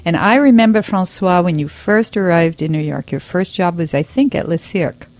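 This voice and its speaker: A woman's voice: on the low side, moderate pace, darkish tone. Female radio host, chatty and encouraging interviewer, conversational delivery.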